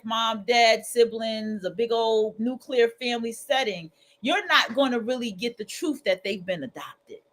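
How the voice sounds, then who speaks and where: Woman, livestream host, colloquial, animated, fairly high pitch. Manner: colloquial, animated, acts out quoted voices. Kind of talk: casual freestyle monologue.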